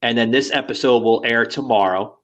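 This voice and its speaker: A man's voice: medium pitch, brisk, a bit bright. Brief: male podcast host, casual and crude, rambling delivery. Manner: rambling, filler-heavy, crude banter.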